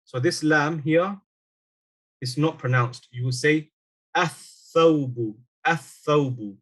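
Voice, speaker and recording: A man teaching an online Arabic lesson, explaining step by step and slowly repeating example words. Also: fairly high pitch, a bit bright.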